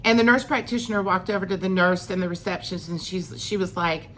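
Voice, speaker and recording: A woman's voice: on the low side, quick pace, few pauses, a bit bright, slight background noise. A middle-aged woman, telling a personal story in a chatty vlog, acting out what people said. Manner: chatty, acts out quoted lines with rising emphasis. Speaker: vlogger.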